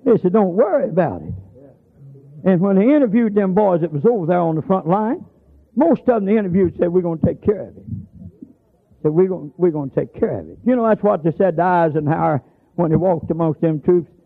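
A man's voice: high-pitched, expressive, quick pace, creaky. A man preaching a sermon, telling folksy stories and stretching out emphatic lines. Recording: tinny lo-fi broadcast sound.

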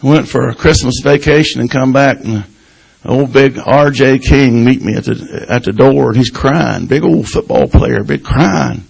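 An older man preaching in a gravelly, husky voice. His sermon is folksy and storytelling, scattered with "hallelujah" and "praise God", and he swings between loud bursts and near-whispers. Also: mid-range voice, measured pace, few pauses, rough recording. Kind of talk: informal country sermon.

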